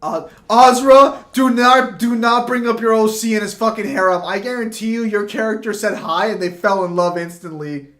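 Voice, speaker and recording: A man's voice: high voice, moderate pace, hardly any pauses, a bit bright. A young man in his twenties chatting casually on a stream, joking, swearing and laughing often. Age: 20s. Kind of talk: casual chat.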